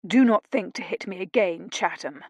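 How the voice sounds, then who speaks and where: A woman voicing a bitter, grieving gentleman who speaks coldly and clipped. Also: lowish voice, normal speed, husky, no room sound. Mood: cold anger. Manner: cold, clipped.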